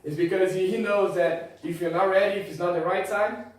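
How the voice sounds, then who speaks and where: Male preacher with a high voice, passionate and repetitive, heard from far off in an echoing church hall. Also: steady tone, a little fast. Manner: passionate, repetitive preaching with rising build-ups. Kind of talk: sermon. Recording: echoey hall, far from mic, music behind.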